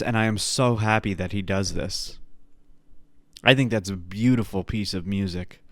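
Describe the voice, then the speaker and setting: A man's voice: fairly low pitch, animated, unhurried, pauses often, no room sound, clean studio sound. A man hosting a podcast, ranting playfully and crudely in a casual comedic style. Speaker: podcast host.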